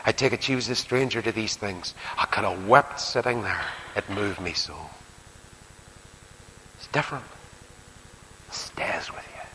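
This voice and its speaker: An older man with a Northern Irish accent preaching a sermon, his low voice ringing through a long hall reverb. He is earnest, pushing some lines hard and dropping others to a hushed near-whisper. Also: moderate pace, few pauses, slight background noise. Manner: earnest, swings from emphatic to hushed, drops to whispers. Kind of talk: sermon and closing prayer.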